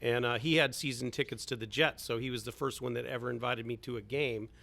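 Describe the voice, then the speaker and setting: A man's voice: medium pitch, fairly even intonation, fast, creaky, bright, forceful tone. A middle-aged man, a golf instructor, chatting in an easygoing way as a guest in a podcast studio. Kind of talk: casual podcast chat.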